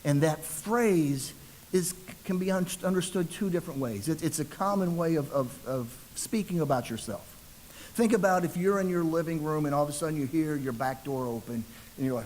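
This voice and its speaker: A man's voice: fairly high pitch, normal speed, a little mellow, slight background noise, poor audio. A man preaching a sermon as a ruling elder, telling the story conversationally and acting out the voices in quotes.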